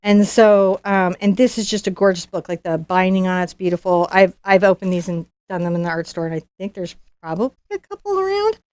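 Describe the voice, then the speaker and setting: A woman's voice: mid-range voice, lively intonation, a little fast, few pauses, darkish tone, no echo. A woman artist hosting a live unboxing stream, chatty and bubbly, often restarting her sentences. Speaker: professional artist and channel host.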